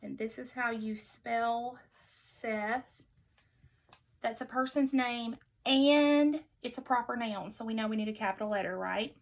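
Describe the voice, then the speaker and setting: Speaking to small children, a woman teacher reads out spelling words at a slow pace and carefully says each one again. The recording is poor, and her pitch runs fairly high.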